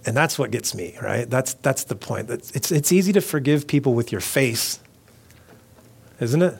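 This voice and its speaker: A male pastor gives a relaxed, conversational sermon at a middle pitch. He talks casually and animatedly, slipping into the voices of the characters as he retells the story. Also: normal speed, gravelly, breathy edge.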